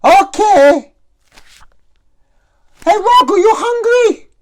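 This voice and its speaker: A man's voice: extremely high pitch, animated, drawn-out words, pitched above the performer's own voice, exaggerated voice. A man voicing an elderly nagging mother with a cane, who shrieks and scolds from another room. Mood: doting. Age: over 60 (figure).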